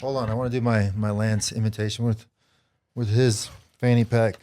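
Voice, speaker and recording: A man co-hosting a podcast in casual chat, quick with a joke. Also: lowish voice, level tone, warm tone. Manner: quick, jokey. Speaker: podcast co-host.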